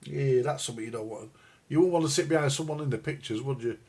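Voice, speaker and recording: The older record collector speaks at a quick pace in a medium-pitched voice that is husky and a little mellow. His live-stream chat about records and radios rambles along, crude and jokey, with viewers addressed as "guys."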